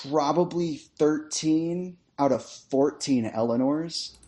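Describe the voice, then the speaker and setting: A man's voice: fairly high pitch, slow, warm tone. A man guesting on a casual podcast, reading a jokey movie synopsis and laughing often. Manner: playful, laughs often, reads a mock trailer.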